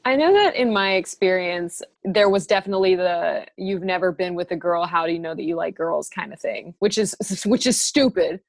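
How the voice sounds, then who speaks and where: A young adult woman guesting on a casual podcast, trading playful quick quips. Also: on the low side, vocal fry.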